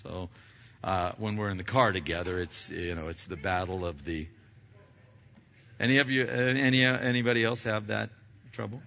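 A man telling a story in a sermon, halting and repeating words as he goes. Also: lowish voice, fairly even intonation, vocal fry, bright, forceful tone, lo-fi sound.

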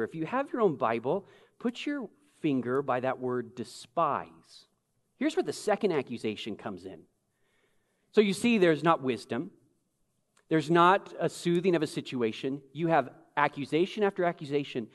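A man preaching a sermon, animated, swinging between loud exclamation and hushed emphasis. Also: high voice, normal speed. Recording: long reverb of a large hall.

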